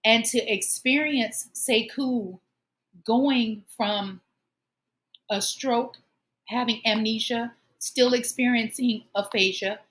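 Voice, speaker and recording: Woman host, fairly high voice, heartfelt encouraging monologue, earnest delivery. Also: fairly even intonation, slow, fairly bright tone. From Omaha, United States. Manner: earnest, encouraging, emotional at times. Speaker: show host.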